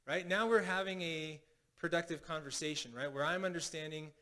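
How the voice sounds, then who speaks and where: A man's voice: fairly high pitch, a little fast, pushed and bright. A man preaching as pastor in a casual teaching style, often restarting phrases and checking in with "right?". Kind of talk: sermon teaching. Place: congregation hall.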